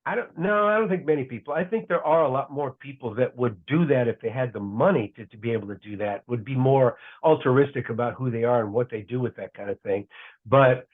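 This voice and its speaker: A man's voice: medium pitch, a little fast. Man telling rambling stories over a tinny line. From United States. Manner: rambling, self-correcting anecdotes. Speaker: guest broadcaster. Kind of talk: casual podcast storytelling.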